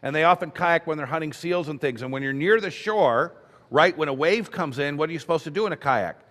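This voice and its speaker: A man's voice: fairly high pitch, fairly quick, fairly bright tone, big-room sound. A man teaching emergency medicine at a conference, talking in a loose, conversational way and telling stories with acted quotes. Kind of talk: conference lecture.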